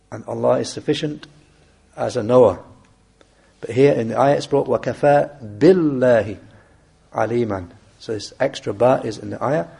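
Male religious teacher, mellow and husky, deliberate and measured explaining, quick recitation. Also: medium pitch. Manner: measured and deliberate, reciting Arabic verses quickly then translating slowly. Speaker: Islamic teacher. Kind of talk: explaining a classical text in a lesson.

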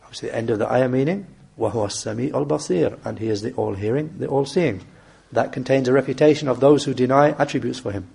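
Male religious teacher, mellow and husky, deliberate and measured explaining, quick recitation. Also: medium pitch. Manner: measured and deliberate, reciting Arabic verses quickly then translating slowly. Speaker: Islamic teacher. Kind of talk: explaining a classical text in a lesson.

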